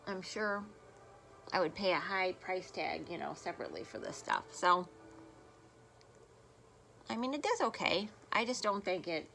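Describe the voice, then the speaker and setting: A woman's voice: on the low side, sing-song, measured pace, creaky, pauses often, bright, forceful tone, a little hiss or hum. A woman beauty vlogger chatting casually through a makeup tutorial, rambling and self-deprecating, filmed on her phone at home. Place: home room, filming on a phone. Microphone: phone camera.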